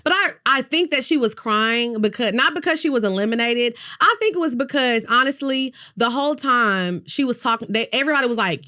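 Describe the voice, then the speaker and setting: A woman's voice: a little high, normal speed, few pauses, bright, forceful tone. A woman hosting a podcast in casual gossip chat, candid, playful and openly profane. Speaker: podcast host.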